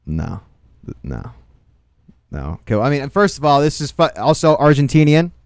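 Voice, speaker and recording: A man's voice: fairly high pitch, very animated, normal speed, darkish tone, a little hiss or hum. A young man hosting a casual reaction livestream, joking and exclaiming in slangy, loose talk. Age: young adult. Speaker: livestream host. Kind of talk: casual reaction stream chat.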